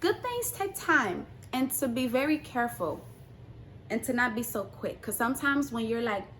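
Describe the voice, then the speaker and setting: A young woman vlogger telling a casual storytime, acting out the quotes and swinging between hushed asides and loud outbursts. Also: on the high side, moderate pace, slight background noise.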